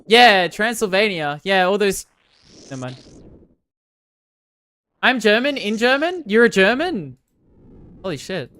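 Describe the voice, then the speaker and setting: Her mid-range voice swings widely in pitch, and she speaks unhurriedly with long pauses. She's a young streamer from Victoria, Australia, joking sarcastically with viewers as she reads their comments, sometimes erupting in loud protest.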